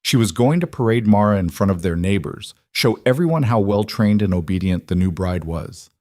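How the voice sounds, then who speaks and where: A man giving scripted, measured, dramatic narration of a story. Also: fairly low pitch, expressive, dark tone, no echo.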